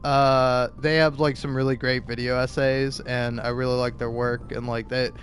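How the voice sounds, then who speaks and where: A man hosting a gaming video, ranting casually with constant swearing and lots of filler words, building into loud outbursts. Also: mid-range voice, little pitch movement, moderate pace, a little hiss or hum. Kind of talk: casual profane rant.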